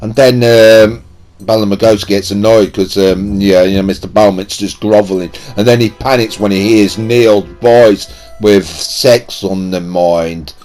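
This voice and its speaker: A man's voice: lowish voice, steady tone, a little slow, a little mellow, soft background music. Chatty man recapping a film. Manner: rambling, chatty, slangy. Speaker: video creator.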